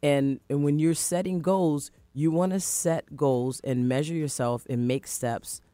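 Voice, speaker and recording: A woman hosting a motivational radio talk show, talking in an animated, encouraging way and acting out her own past thoughts. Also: deep voice, unhurried, no echo, soft background music. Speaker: radio show host, life coach. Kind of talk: casual motivational radio chat.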